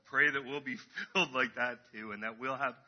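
A man's voice: medium pitch, steady tone, fairly quick, muffled recording. A man preaching a casual, chatty sermon in church, acting out crowd voices as he tells the story.

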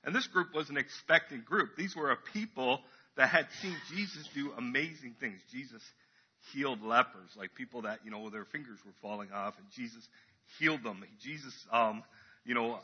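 Husky man preaching casually in church. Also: medium pitch, normal speed, dull audio. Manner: casual, chatty preaching with fillers and acted-out crowd voices. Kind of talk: sermon.

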